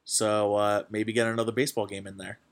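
A young man hosting a podcast, chatting casually and excitedly, with lots of fillers and restarts. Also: on the low side, a little fast. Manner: rambling, full of fillers, excitable. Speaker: podcast host. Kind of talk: casual chat.

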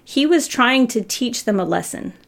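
A woman's voice: a little high, expressive, moderate pace, gravelly. A middle-aged woman giving a sermon, telling a family story in a conversational, humorous way. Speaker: preacher.

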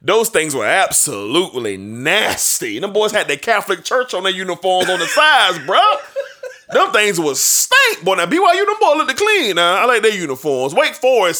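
A man co-hosting a casual sports talk show, animated, with laughs and drawn-out exclamations. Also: high-pitched.

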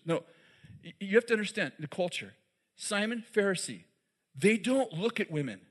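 Male preacher, high voice, chatty sermon, asks the crowd questions, chuckles at his own jokes. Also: big pitch swings, moderate pace. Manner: conversational, asks the audience questions; many fillers and restarts, laughs at his own jokes.

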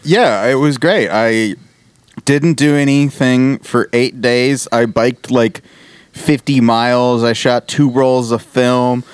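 A man's voice: medium pitch, steady tone, slow, clear, resonant tone, no room sound. Male co-host, loose chatty rambler who laughs a lot, dry close sound. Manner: laughs easily, rambling and profane. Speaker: podcast co-host. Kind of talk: casual chat.

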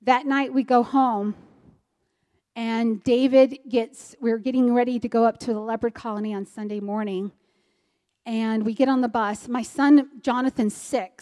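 A middle-aged woman telling a church testimony in an animated way, acting out the people she quotes. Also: on the high side, a little slow. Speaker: speaker sharing a mission testimony.

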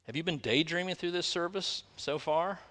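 A man's voice: fairly high pitch, normal speed, sharp tone. A man preaching a sermon as a pastor, firing rhetorical questions at his congregation. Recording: long reverb of a large room.

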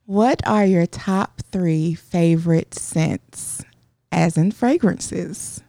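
A woman co-hosting a casual podcast, asking the questions in a teasing, unhurried way. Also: lowish voice, gravelly, dark tone, no echo. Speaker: podcast co-host.

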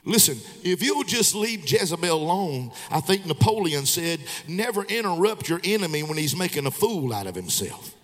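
A man, an evangelist preaching a revival sermon, moving between quiet storytelling and shouted exhortation. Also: on the high side, very animated, normal speed, hardly any pauses, long reverb tail. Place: church sanctuary. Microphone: handheld microphone.

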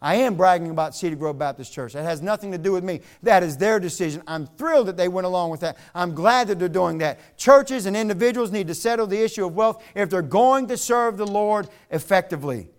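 A middle-aged man from Virginia preaches at a revival. His voice sits high, and he talks earnestly, telling stories to make his point. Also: lively intonation, a little fast, hardly any pauses. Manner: earnest storytelling with bursts of laughter. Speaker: pastor. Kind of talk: revival sermon.

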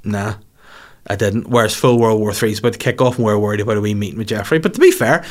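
A man's voice: on the low side, rapid-fire. A man hosting a comedy show, riffing in a casual monologue and swearing freely. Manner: swears freely, breaks into voices.

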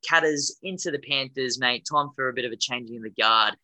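Aussie male tipster, mid pitch, crisp bright tone, dry sound, blunt. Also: fairly quick, no echo, poor audio. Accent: Australian. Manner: blunt and opinionated. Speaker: co-host giving racing tips. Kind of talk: casual chat.

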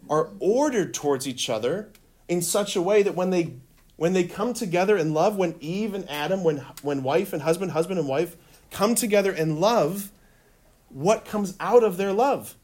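A man teaching a room of children, his voice lively and a little raised. He laughs easily, asks questions and leads the group in chanting phrases back. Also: high voice. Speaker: religion teacher. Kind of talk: classroom teaching with call-and-response. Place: classroom.

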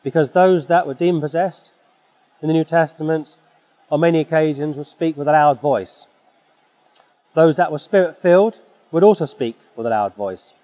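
A man preaching a forceful, exhorting sermon, clearing his throat now and then. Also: fairly high pitch, normal speed. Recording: dull sound in a reverberant hall.

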